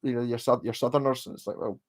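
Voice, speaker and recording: A man with a Scottish accent, chatting and rambling casually on a livestream, swearing freely and quick to laugh. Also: medium pitch, fairly even intonation.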